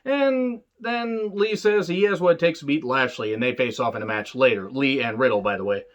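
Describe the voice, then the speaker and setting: A brisk, medium-pitched male voice delivers loose, sarcastic reviews of wrestling shows. He rambles, cracks jokes, and swears a lot.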